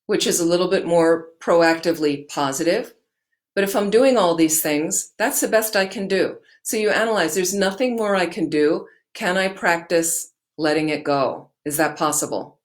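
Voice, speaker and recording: A woman teaching Buddhist meditation who answers questions gently and encouragingly and repeats key phrases for emphasis. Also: mid-range voice.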